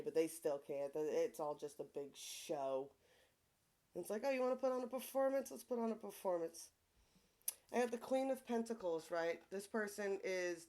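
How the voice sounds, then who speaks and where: A woman with a low, slightly mellow voice and a Long Island accent does a relaxed tarot reading. Profane and talkative, she keeps asking "right?" after her points.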